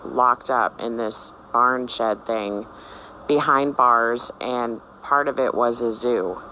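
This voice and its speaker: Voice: mid-range voice, sharp tone, a little hiss or hum. A channel host telling viewers about a dream in a casual way, rambling and hesitant with many fillers and restarts, musing aloud about what it means.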